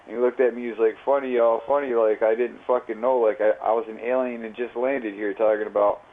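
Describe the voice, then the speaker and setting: A man's voice: fairly low pitch, flat delivery, fast. A man telling a rambling, profane story in casual, slang-heavy chat while livestreaming. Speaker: live streamer. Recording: tinny phone-like audio.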